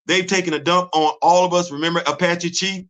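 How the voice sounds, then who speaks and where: A man hosting a casual live-stream commentary, animated and rhetorical, laughing often as he talks. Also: high voice, brisk. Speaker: host.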